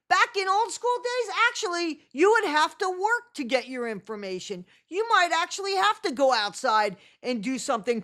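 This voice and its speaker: A woman's voice: high-pitched, fairly bright tone. A woman hosting her own channel and giving blunt, sarcastic reaction commentary. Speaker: channel host.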